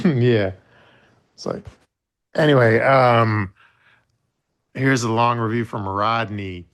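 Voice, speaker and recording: A man co-hosting a casual podcast, reading online reviews aloud in a slow, deliberate way. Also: medium pitch, fairly bright tone. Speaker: podcast co-host.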